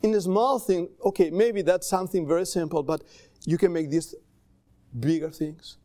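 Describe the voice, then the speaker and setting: A male pastor preaching a sermon in a church in accented English with small grammar slips, conversational and animated. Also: high voice, moderate pace, no room sound. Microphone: livestream camera mic.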